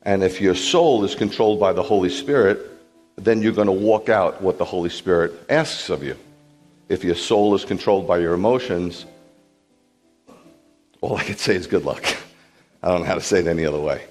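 A man's voice: deep voice, moderate pace, long pauses, long reverb tail, soft background music. A man, a rabbi, preaching a sermon to a congregation in a teaching manner, often checking whether listeners follow. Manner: animated teaching, asks the room questions. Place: large hall with a congregation.

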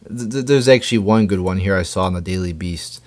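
A man's voice: deep voice, a little fast, a little mellow. A man ranting angrily about politics, swearing often and stumbling over his words with repeated restarts. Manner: profane, stammering, indignant. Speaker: political commentator. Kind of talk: angry political rant.

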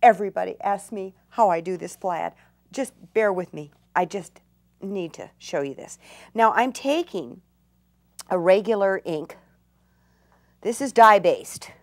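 A woman's voice: mid-range voice, animated, unhurried, pauses often. An older woman demonstrating a craft technique, gushing with enthusiasm and dropping to delighted whispers. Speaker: craft instructor.

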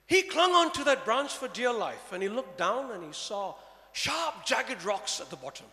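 Animated male preacher in an echoey church. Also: sits high. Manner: animated, rhetorical questions to the congregation. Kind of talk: sermon.

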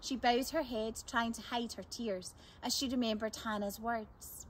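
Woman calmly reading a chapter book aloud. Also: fairly high pitch, normal speed, a little hiss or hum, rough recording. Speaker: storyteller.

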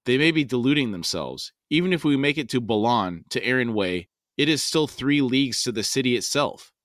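A man's voice: mid-range voice, expressive, fairly quick, a bit bright, no echo, studio quality. A man co-hosting a book podcast, reading passages aloud with light character inflection and adding commentary.

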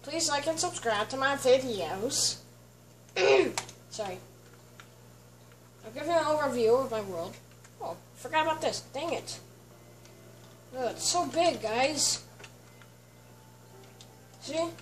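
A woman giving casual, chatty commentary while touring her game world, often stopping to clear her throat. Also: high voice, animated, slow, long pauses, a little hiss or hum. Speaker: let's play host. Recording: distant mic with faint background music.

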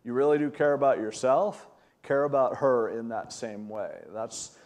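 A man's voice: mid-range voice, moderate pace, darkish tone. A man in his sixties, a pastor, giving a conversational sermon and telling stories with animation. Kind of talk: sermon teaching.

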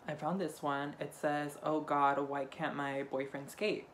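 A man's voice: on the high side, flat delivery, unhurried, a bit bright, a little hiss or hum. Tipsy, sassy young man vlogging. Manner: campy, profane and sassy; rambling, offhand delivery. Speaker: haul vlogger. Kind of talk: casual shopping haul vlog.

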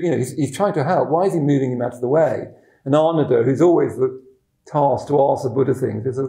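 A middle-aged man, a Buddhist teacher telling a story in a dharma talk, halting and repeating words, chuckling at his own stories. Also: mid-range voice, dark tone. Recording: roomy echoing room.

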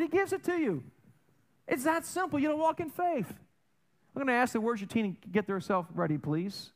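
High animated man preaching a sermon. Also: moderate pace. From German and Italian heritage. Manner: animated, joking, swings between loud and soft. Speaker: pastor. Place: church sanctuary.

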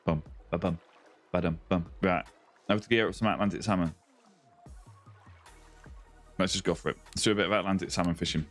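A man's voice: sits low, a little fast, pauses often, a bit bright, soft background music. A man with a Lancashire accent live-streaming a game, bantering and greeting viewers by name. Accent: Lancashire English. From northwest England, Lancashire near Yorkshire.

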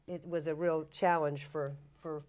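A woman speaks as an interview guest, her voice sitting low in pitch. She talks thoughtfully and haltingly, restarting phrases as she gathers her ideas. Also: little pitch movement, darkish tone. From Tennessee. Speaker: stage actress, guest. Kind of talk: interview conversation.

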